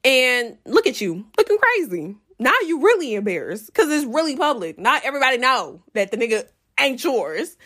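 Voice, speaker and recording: A young adult woman telling a story to her viewers in a casual, profane, animated way, often breaking into laughs. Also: high-pitched, moderate pace, few pauses.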